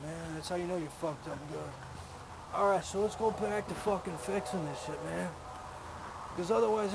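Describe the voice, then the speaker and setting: A man's voice: high-pitched, vocal fry, background noise. A man chatting casually while working on his car in a garage, full of crude, profane jokes and banter.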